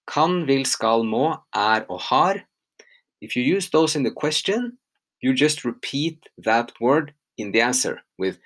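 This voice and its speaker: Patient woman teaching with lively pitch. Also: a little slow. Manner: relaxed, explains patiently with fillers. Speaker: language teacher. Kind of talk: podcast grammar lesson.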